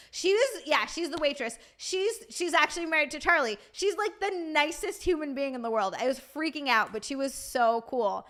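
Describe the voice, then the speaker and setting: A woman's voice: high-pitched, animated, normal speed, a bit bright. A young woman streamer chatting casually, swearing freely and answering her live chat.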